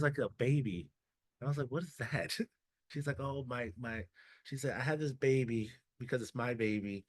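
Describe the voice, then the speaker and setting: A man's voice: medium pitch, no room sound. A man giving a casual, chatty talk as a guest speaker, telling stories with dry humor and acting out quoted dialogue. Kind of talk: storytelling talk to an audience.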